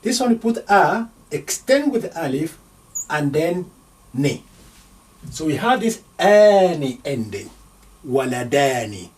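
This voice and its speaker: A man teaching an Arabic grammar lesson, slowly sounding out words syllable by syllable as he writes them. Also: on the high side, big pitch swings, recorded from a distance. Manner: slow, deliberate, sounding out syllables.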